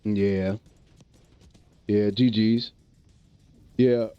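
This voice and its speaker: A man's voice: fairly low pitch, level tone, normal speed, clear, resonant tone, no echo, muffled recording. A man streaming live, chatting casually with viewers in loose slang and laughing often.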